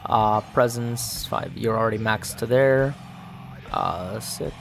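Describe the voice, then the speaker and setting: A man playing a solo tabletop game, muttering dice counts aloud and narrating the results in a relaxed, casual way. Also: fairly low pitch, slow pace, vocal fry, noisy background. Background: faint background music.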